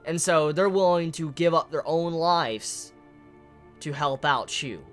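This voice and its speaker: A manga reviewer giving a casual, emotional spoken chapter analysis, excitable and swearing often. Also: mid-range voice, takes it slowly, faint music behind.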